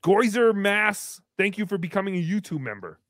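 A goofy male livestream host reading out member thank-yous. His voice sits high and leaps wildly in pitch. The mic is close and dry. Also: moderate pace, no room sound. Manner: goofy, animated, swinging between squeals and mumbles. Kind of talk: comedic live-stream chat.

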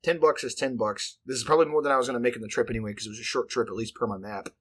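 A man's voice: medium pitch, steady tone, very fast, slightly rough. A man, telling a profane, rambling story in casual chat. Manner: profane, rambling, filler-heavy delivery.

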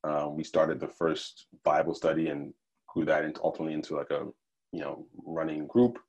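A man from Nigeria who grew up in the United States, speaking as a podcast guest in a thoughtful, measured way with fillers and restarts. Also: very deep voice, fairly even intonation, darkish tone. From Nigeria, raised in the United States. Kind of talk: conversational interview.

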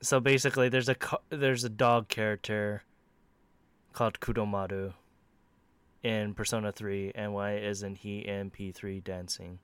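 A man's voice: fairly low pitch, fairly even intonation, unhurried, a bit bright, clear, resonant tone, no room sound. A man co-hosting a podcast, playfully reading out listener questions and laughing often. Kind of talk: casual chat.

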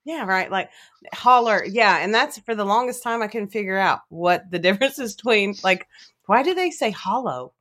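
A woman's voice: mid-range voice, lively intonation, normal speed. A woman from Kentucky with an Appalachian accent, hosting a casual chat and laughing often. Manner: laughs often, warm teasing.

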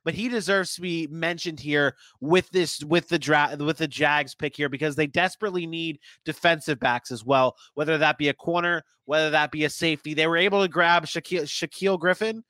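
A man's voice: on the high side, fairly quick, hardly any pauses, sharp tone, no room sound. A man co-hosting a casual sports podcast, chatty and thinking aloud with frequent restarts.

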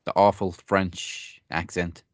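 A man answering wrestling trivia in a casual podcast chat, laid-back and quick to laugh. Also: low voice, flat delivery, no room sound. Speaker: trivia contestant.

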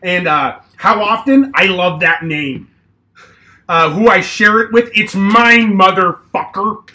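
A man's voice: high voice, takes it slowly, full character voice. A man putting on a smug, crude character named Bert for an improvised podcast comedy bit, with a gleeful, boastful manner. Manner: gleeful, boastful, deadpan absurd. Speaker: podcast co-host.

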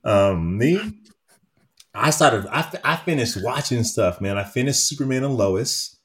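A man co-hosting a casual chat show, telling stories with animated energy and frequent laughter. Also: medium pitch, a little slow. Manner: animated storyteller, laughs often. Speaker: podcast co-host.

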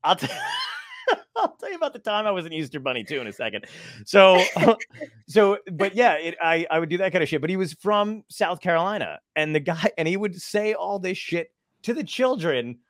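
A man's voice: high-pitched, normal speed, no echo. Comedian guy rambling thru stories, lots of swearing, voice all over the place, dry sound. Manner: animated, profane storytelling. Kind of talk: casual chat.

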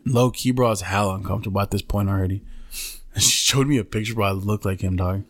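A man's voice: fairly low pitch, fairly even intonation, fast. A man hosting a podcast, telling a story in casual chat, slangy and full of swearing. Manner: profane, slangy, keeps saying "bro". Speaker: podcast host.

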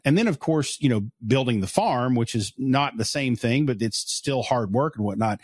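A man's voice: mid-range voice, dry recording, studio quality. A man from Eastern Kentucky with an Eastern Kentucky accent, co-hosting a podcast and explaining things in a friendly, chatty way. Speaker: podcast co-host. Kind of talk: casual interview chat.

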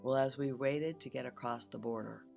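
Woman host, gravelly and intimate, reflective personal narration over faint music. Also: a bass voice, steady tone, moderate pace. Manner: soft and intimate, drops to a whisper at times. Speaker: podcast host.

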